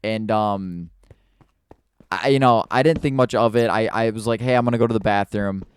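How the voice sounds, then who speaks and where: A man's voice: lowish voice, moderate pace, clean tone. A man telling a spooky personal story in a casual, rambling way while he plays a video game, stumbling over restarts and fillers.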